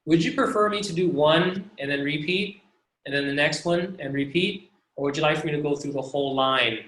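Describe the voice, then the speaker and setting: His pitch is a little high and somewhat bright, captured on a video call in a roomy space. The man teaches a language lesson online, elongating every sound slowly so students can repeat it back.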